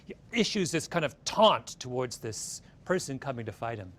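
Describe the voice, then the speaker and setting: A man's voice: medium pitch, normal speed. A man giving a storytelling talk, telling the story with animation and often checking in with his listeners. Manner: animated, keeps checking in with "right?". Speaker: speaker retelling a story.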